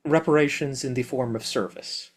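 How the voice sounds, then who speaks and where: A man's voice: medium pitch, normal speed. A man playing a tabletop role-playing game, speaking in character as an envoy. His phrasing is formal and courtly, and his voice sits in an ordinary middle range. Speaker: player. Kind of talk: in-character diplomatic speech.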